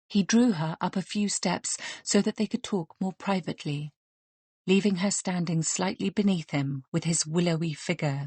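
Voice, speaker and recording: A woman narrating an audiobook in a steady, even reading voice. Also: lowish voice, slightly rough, no echo.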